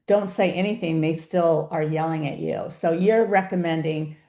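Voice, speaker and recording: A woman's voice: deep voice, moderate pace, dark tone, roomy sound. A woman hosting a webinar interview, asking thoughtful questions over a video call. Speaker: webinar host.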